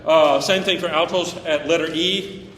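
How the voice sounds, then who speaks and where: A choir director runs a rehearsal in a room or hall, his slightly high, bright voice steady and at normal speed. He jokes and fusses, singing short phrases to show what he wants, while an echoey space carries faint choir music and slight background noise.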